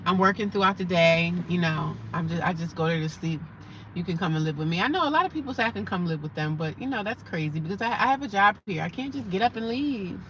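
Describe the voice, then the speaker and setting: Talking fast and expressively, a young woman with a lowish, fairly bright voice hosts a casual livestream where she reads and answers viewers' comments. Faint background noise sits under the slightly dull lo-fi recording.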